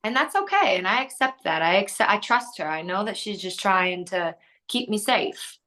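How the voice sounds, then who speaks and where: A woman guest, a healer and coach, speaking in a calm, earnest and deliberate way in an interview. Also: mid-range voice. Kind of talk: reflective interview talk.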